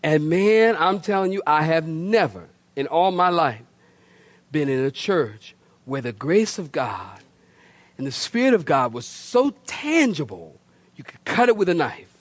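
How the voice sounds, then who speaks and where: A middle-aged male pastor preaching a storytelling sermon, animated and colloquial, with laughing asides and repeated words. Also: on the high side, unhurried, dry recording. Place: church.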